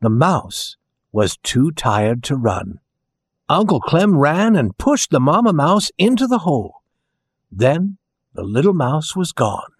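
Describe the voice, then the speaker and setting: A man narrating a children's storybook in a slow, gentle, expressive way. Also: on the high side, slightly rough, no room sound, studio quality.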